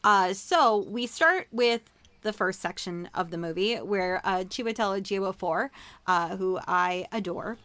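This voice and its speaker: A woman's voice: mid-range voice, animated, a little slow, fairly bright tone, dry recording. Female podcast co-host, mid-range voice, self-deprecating and chatty, dry sound. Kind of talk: casual podcast chat.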